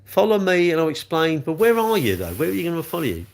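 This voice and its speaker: A man's voice: fairly high pitch, huge pitch swings, quick pace, creaky. A middle-aged man chatting bluntly on a livestream, reading out comments and mocking himself. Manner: chatty, blunt, self-mocking, laughs often. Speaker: livestream host, car dealer.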